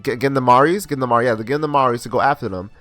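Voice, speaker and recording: A man's voice: mid-range voice, very fast, a bit bright, faint music behind. A young man recapping and reviewing an anime episode in a casual, rambling way, full of slang and restarts.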